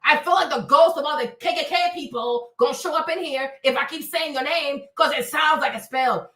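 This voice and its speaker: A woman hosting a livestream, gossiping loudly and dramatically, with shrieks, laughter and Spanish phrases mixed in. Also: sits high, normal speed, few pauses, echoey room, recorded from a distance, low-quality recording. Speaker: livestream host. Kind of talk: casual gossip commentary.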